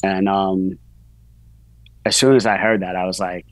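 Lowish-voiced man telling his story. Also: flat delivery, unhurried, pauses often, a little hiss or hum, rough recording. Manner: rambling, frequent "you know" fillers. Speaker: guest, author. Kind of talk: casual personal storytelling.

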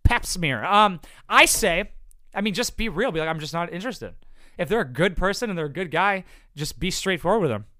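A man's voice: high voice, animated, fairly quick, pushed and bright, no room sound. A man giving casual advice to viewers in a blunt, profane, rambling way. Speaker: content creator answering viewer questions.

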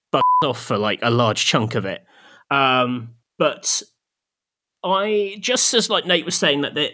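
A man's voice: medium pitch, pushed and bright. A man co-hosting a casual podcast chat, rambling and self-deprecating, often laughing at his own stories. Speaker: podcast co-host.

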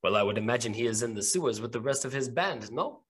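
A man's voice: mid-range voice, animated, fast talker, a crowd in the background, lightly acted. A man voicing a haughty nobleman who mutters his words with disdain in a tabletop game. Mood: disdainful.

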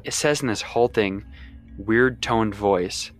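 A man's voice: fairly low pitch, takes it slowly, faint music behind. A young man narrating a first-person horror story in a casual, heavily profane way.

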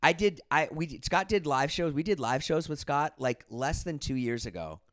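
A man's voice: fairly high pitch, lively intonation, normal speed, a bit bright, dry recording, clean studio sound. A man in his forties hosting a podcast, telling stories animatedly and swearing freely. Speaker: podcast host. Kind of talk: casual chat.

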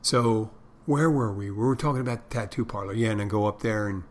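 A man's voice: fairly low pitch, fairly even intonation, a little fast. A middle-aged man hosting a podcast, rambling through stories and crude jokes in a casual monologue. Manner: meandering storyteller, tells crude jokes. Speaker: podcast host.

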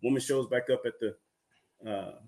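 A man's voice: mid-range voice, normal speed, darkish tone. A man co-hosting a podcast, telling jokes as casual stories and drawing out the punchlines. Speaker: podcast co-host.

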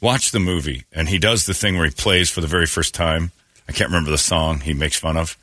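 A man's voice: sits low, a little fast, no echo. A middle-aged man hosting a morning radio show, joking and sarcastic in casual banter. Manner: joking, sarcastic, animated delivery. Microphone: studio microphone.

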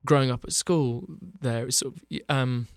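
A man's voice: medium pitch, fairly even intonation, normal speed, no echo, studio quality. A man, chatting as a guest in an interview, talking with lots of restarts and a self-deprecating manner. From England, Bath. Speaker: actor guest. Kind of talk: casual interview chat.

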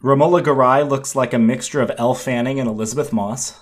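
A man joining a casual film podcast with a few leftover notes and a dry, offhand wit. His voice is at an ordinary middle pitch, and he speaks plainly and without hurry. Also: steady tone, fast talker.

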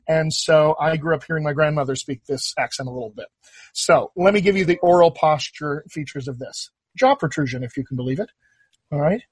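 Man, dialect coach, patient explainer, fairly high voice, dry close sound. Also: slightly rough, no room sound. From United States. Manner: patient, explanatory, drawn-out teaching. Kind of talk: coaching an accent on a talk show.

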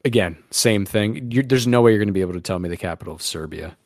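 A man's voice: on the low side, expressive, fast talker, a little mellow, dry recording, clean studio sound. A man hosting a podcast in casual chat, crude, rambling and joking. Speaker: podcast host.

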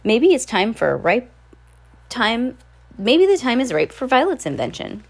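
A woman's voice: a little high, very animated, measured pace, voice pushed up, full character voice. A woman voicing a gloomy, bookish boy. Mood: anxious. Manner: anxious, gloomy.

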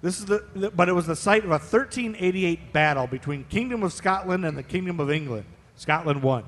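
A man's voice: high-pitched, a little fast, fairly bright tone. A man from Ohio co-hosting a live podcast, telling history stories in a chatty, playful way. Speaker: podcast co-host. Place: live show on a stage. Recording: long reverb of a live stage.

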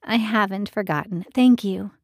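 A polite, quietly weary young woman, as a woman narrator voices her in an audiobook. She answers gently and briefly, keeping things reserved. The sound is dry and close. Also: medium pitch, normal speed, dry recording, close to an everyday voice. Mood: gentle. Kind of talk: audiobook character voice.

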